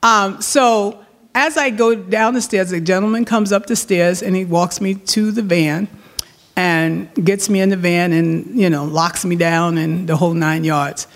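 A woman's voice: on the low side, steady tone. A middle-aged woman telling a personal anecdote in a rambling way, laughing often along the way. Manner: slow, rambling delivery with fillers.

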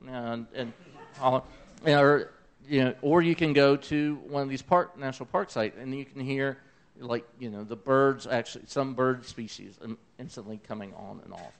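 A man's voice: medium pitch, moderate pace. A man from Memphis with a Southern accent, giving an enthusiastic conversational talk about a science project. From Memphis, Tennessee. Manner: enthusiastic, conversational, with fillers and asides. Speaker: presenter of an eclipse accessibility project. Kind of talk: conference talk.

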